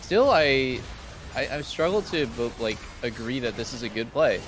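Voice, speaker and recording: A man giving casual, excitable commentary on an esports match at a watch party, rambling and restarting often. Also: medium pitch, moderate pace, a little hiss or hum. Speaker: stream co-caster.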